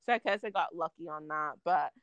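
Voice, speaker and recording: A woman's voice: low voice, fairly quick, a bit bright, no room sound, highs cut off. A young woman telling a story in casual chat, venting with lots of filler words and swearing.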